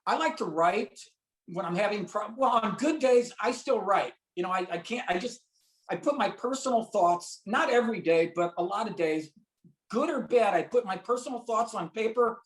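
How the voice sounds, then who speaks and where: A man's voice: high voice, expressive, moderate pace. A man from St. Louis telling a personal story as an interview guest, acting out the voices of people he quotes. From St. Louis, USA. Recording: roomy echo.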